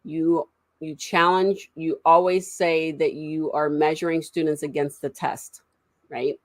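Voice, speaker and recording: A woman in casual conversation, a parent telling animated stories and acting out the voices of the people in them. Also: low voice, a little slow, dry recording. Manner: animated storyteller, acts out quotes.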